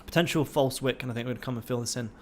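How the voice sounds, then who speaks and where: A man's voice: medium pitch, racing, a little mellow, slight background noise. Profane, fired-up young man on a livestream. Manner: swears constantly, pumped-up and motivational. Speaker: livestream trading host. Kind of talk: casual livestream commentary.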